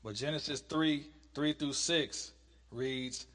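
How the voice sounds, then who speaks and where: Man slowly teaching a Bible study. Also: mid-range voice, fairly bright tone, in a large hall. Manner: reads scripture slowly and emphatically, then talks casually. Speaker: preacher.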